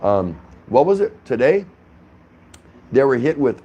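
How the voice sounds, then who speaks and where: A man's voice: mid-range voice, expressive, normal speed, pauses often, a little mellow, husky, lo-fi sound. A man hosting a casual vlog from his apartment, rambling and chatty with lots of restarts and fillers. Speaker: vlogger host. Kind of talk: casual talking-head vlog. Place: apartment indoors.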